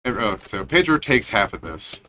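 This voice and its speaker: A man's voice: fairly low pitch, sing-song, moderate pace, noisy background. A man running a tabletop game as game master, casual and profane, making rulings on the fly.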